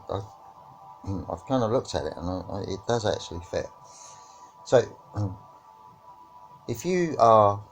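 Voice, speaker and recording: Deep voiced guy talking spirituality and witchcraft, musing, keeps asking "right?". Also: a little mellow. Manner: musing, checks in with "right?" and "yeah?". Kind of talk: reflective spiritual discussion.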